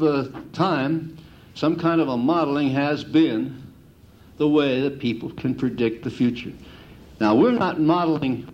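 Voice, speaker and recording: A middle-aged man giving a folksy lecture on handicapping to an audience, an animated storyteller who mimics the gamblers he talks about. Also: medium pitch, lo-fi sound. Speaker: handicapping instructor.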